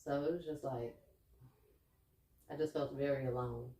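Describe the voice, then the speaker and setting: A young woman co-hosting a podcast, talking candidly and earnestly about her own life, getting animated and laughing as she tells stories. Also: rumbling low, normal speed, recorded from a distance. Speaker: podcast co-host. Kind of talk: candid casual chat. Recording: echoey room, a bit off-mic.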